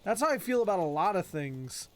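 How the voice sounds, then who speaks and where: A man's voice: high voice, sing-song, fairly quick. A man in his thirties streaming a game in casual, joking commentary, scolding his horse.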